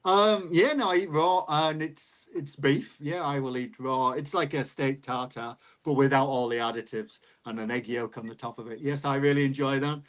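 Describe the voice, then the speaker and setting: A retired teacher in his sixties, a guest on a live video call, telling stories in a casual chatty way and jumping up in pitch as he recounts exchanges. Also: moderate pace, few pauses, rough recording. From England. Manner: lively storyteller, pitch jumps up when recounting exchanges. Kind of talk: casual anecdotal storytelling.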